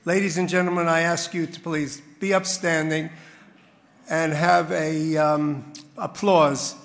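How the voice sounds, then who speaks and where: A man's voice: fairly high pitch, steady tone, unhurried, vocal fry, a bit bright. A man speaking at a community dinner, thanking people and telling a parable, recorded in a large hall at a podium mic. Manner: tells a parable with a punchline. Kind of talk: after-dinner speech.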